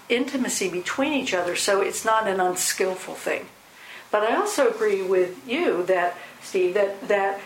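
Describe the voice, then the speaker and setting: A woman's voice: medium pitch, fairly bright tone. Woman, discussion leader, reflective and rambling, roomy echo, faint hiss. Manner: thoughtful, rambling, many fillers and restarts.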